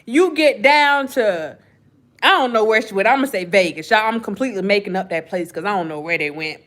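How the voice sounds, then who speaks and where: A woman's voice: mid-range voice, expressive, brisk, a bit bright. A woman, telling a gossip story in casual chat and laughing often. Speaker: vlogger.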